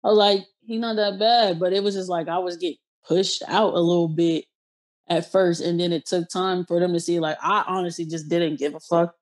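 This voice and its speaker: A woman from Ohio hosting a podcast, telling personal stories in a slangy, blunt, animated way. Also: fairly low pitch, fairly quick. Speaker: podcast host. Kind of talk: casual podcast chat.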